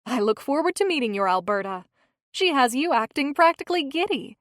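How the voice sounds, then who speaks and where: A woman's voice: high voice, big pitch swings, a little fast, dry recording, clean studio sound, voice pushed up. A woman voicing a chatty, witty young woman. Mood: teasing. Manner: chatty and warm-witted.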